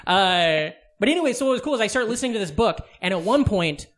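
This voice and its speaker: A man's voice: high-pitched, animated, fast talker, a bit bright. A man co-hosting a podcast, telling a long, rambling story in casual chat, swearing freely and restarting his sentences. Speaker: podcast co-host.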